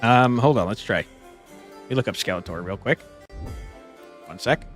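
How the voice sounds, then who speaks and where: A man's voice: fairly low pitch, animated, measured pace, fairly bright tone. Laid-back young male gaming streamer. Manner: laid-back, jokey, swears casually. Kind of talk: casual live-stream chat. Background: game music.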